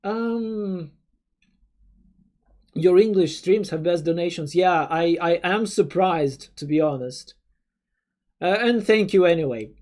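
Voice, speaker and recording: A young adult streamer, Russian being their first language, reads chat and chats loosely with viewers, full of stammered restarts and casual swearing. The medium-pitched voice is darkish and slow, broken by long pauses.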